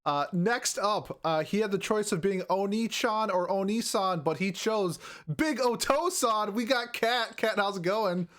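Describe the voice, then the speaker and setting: Podcast host, male, high-pitched, playful intros, casual chat. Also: measured pace, a bit bright.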